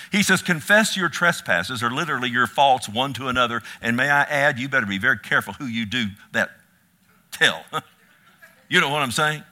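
A middle-aged man preaching a sermon as pastor. His voice is bright and forceful, at a middle pitch. He moves from loud, ringing calls to soft, hushed storytelling. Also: lively intonation, brisk.

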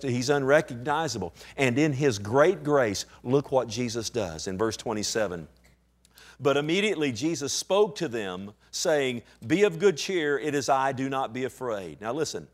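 A man preaching a sermon as pastor. He slows and drops to a hush when quoting scripture, then rises in pitch and volume with impassioned fervor.

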